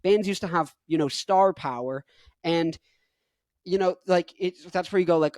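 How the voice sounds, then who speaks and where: A man's voice: high voice, a little slow, darkish tone, dry recording. Young man rambling jokily to camera. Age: 20s. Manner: jokey, rambling, self-mocking. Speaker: musician vlogger. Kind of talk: casual rant to camera.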